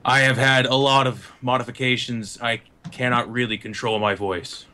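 A man's voice: level tone, bright, forceful tone, close to an everyday voice. Man doing a glitchy giant soldier android. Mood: stiff, polite. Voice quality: deep slow voice that jumps in pitch.

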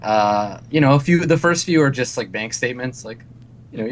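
A man's voice: medium pitch, a little fast, slight background noise. A man as game master, narrating a tabletop game loosely with many fillers, over a video call.

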